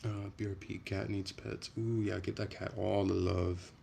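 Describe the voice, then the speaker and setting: Deep, gravelly young man chatting. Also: normal speed, slight background noise. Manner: relaxed, rambling, soft-spoken. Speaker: streamer reading chat. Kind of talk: casual late-night livestream chat.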